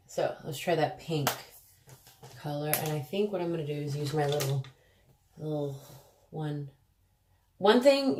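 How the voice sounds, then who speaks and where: A woman's voice: sits low, darkish tone. A woman beauty vlogger chatting casually through a makeup tutorial, self-deprecating, with sudden exclamations. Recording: echoey room.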